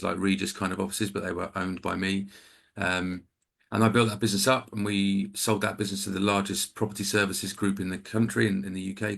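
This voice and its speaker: An Englishman in his forties, speaking over a video call, with a low voice that has a gravelly fry to it. He tells his story as a guest in a chatty, self-deprecating way, wandering into asides. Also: fairly bright tone. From England. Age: 40s. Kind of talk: casual video-call chat.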